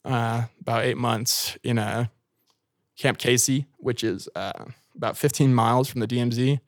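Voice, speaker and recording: A man's voice: medium pitch, steady tone, normal speed, no echo, studio quality. A young American man talking casually as a podcast guest, rambling with lots of filler words and swearing. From United States.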